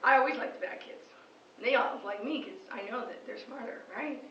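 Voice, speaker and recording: A woman teacher talking in an excited, rambling vlog monologue, laughing often and jumping between thoughts. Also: a little high, fairly quick. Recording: echoey room, distant dull lo-fi mic, faint noise.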